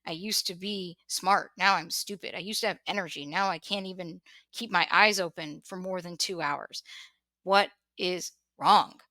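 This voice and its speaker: Bright-voiced woman, candid and emotional. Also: fairly low pitch, steady tone, normal speed, few pauses, no echo. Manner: emotional, repeats words, laughs wryly. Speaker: podcast host. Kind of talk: candid personal conversation.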